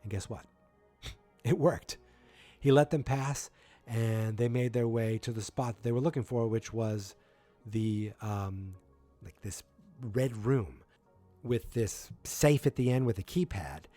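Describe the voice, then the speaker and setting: A man's voice: mid-range voice, a little slow, mellow, soft background music. A man hosting a podcast, recapping an episode in a casual, rambling way with personal asides. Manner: chatty, rambling storyteller with asides. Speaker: podcast host.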